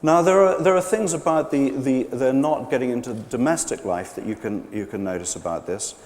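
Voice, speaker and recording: A man giving a live public lecture, animated and hesitant, with many fillers and restarts. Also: medium pitch, a little fast. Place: large gallery pavilion. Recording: long hall reverb.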